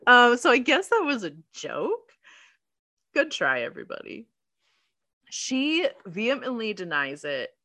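Woman, podcast co-host, bright sharp voice, lively pitch, wry. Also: unhurried, pauses often. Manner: lively, wry, laughs often. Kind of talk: casual chat recapping a movie.

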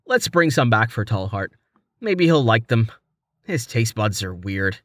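A man's voice: on the low side, big pitch swings, measured pace, a bit bright, dry recording, clean studio sound, heavily acted. A man voicing a playful young male adventurer in armor, in a casual, everyday voice. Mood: joking.

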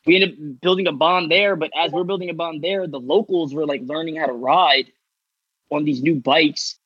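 A man's voice: fairly high pitch, fairly even intonation, normal speed, husky, no room sound, lo-fi sound. A man from Long Island chatting loosely as a podcast guest, rambling with lots of filler and the odd swear word. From Long Island, New York. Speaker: guest, artist. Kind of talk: casual podcast chat.

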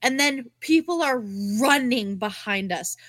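A woman co-hosting a podcast, telling a story in a casual, animated way, swearing freely and full of "like". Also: sits high, a little slow, dry recording, studio quality. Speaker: podcast co-host.

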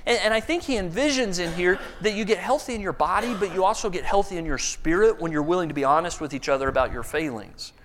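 A man's voice: high voice, expressive, brisk, few pauses, fairly bright tone, long reverb tail. A middle-aged man preaching a conversational sermon, telling stories and acting out voices along the way. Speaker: pastor.

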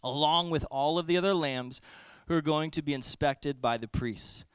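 A male preacher with a high, ringing, smooth voice delivers an expressive storytelling sermon. He pauses to explain word meanings as he teaches. The sound is close and dry, with no room echo.

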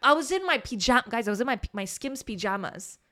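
A woman, co-hosting a podcast and telling a story in a lively, swearing, casual way, acting out the people she quotes. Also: a little high, fairly quick. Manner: animated, swears, acts out quoted voices. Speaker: podcast co-host.

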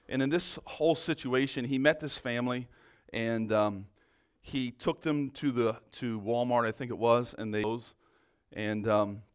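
A pastor introducing a testimony clip to his church, pausing often with fillers. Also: medium pitch, smooth. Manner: hesitant, many fillers. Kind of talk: sermon introduction.

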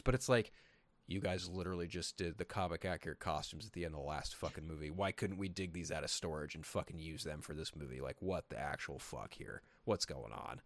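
A podcast co-host from Sacramento, California, tells stories in a casual chat, full of swearing and acted-out quotes delivered with animation. He has a bass voice, talks a little fast, and the recording is dry.

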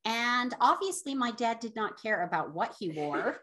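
Bright, lively-voiced woman storyteller. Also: on the high side, normal speed. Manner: lively, laughs and prompts her sister. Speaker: podcast co-host. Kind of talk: casual storytelling chat.

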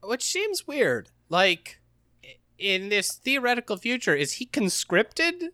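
A man co-hosting a casual gaming podcast, talking in an animated, jokey, mocking way. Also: high voice, slow, no room sound, studio quality. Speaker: podcast co-host.

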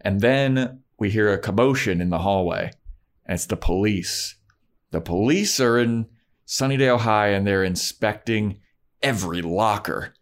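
A man in casual chat, recapping a TV episode and acting out the characters as he retells it. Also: measured pace. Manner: animated retelling, voicing characters with pitch jumps. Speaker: podcast co-host recapping a TV episode.

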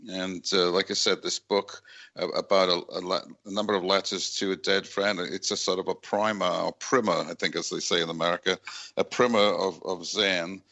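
A man hosting a radio interview, halting and reflective, with many fillers as he speaks. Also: low-pitched, little pitch movement, creaky, pushed and bright. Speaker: radio show host.

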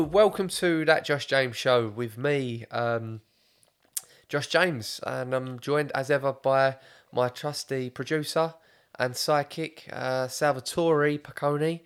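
A man's voice: mid-range voice, measured pace, clean tone. A man hosting a comedy podcast in casual chat, blunt and swearing freely, often talking over his co-host. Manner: blunt, swears a lot, talks over others.

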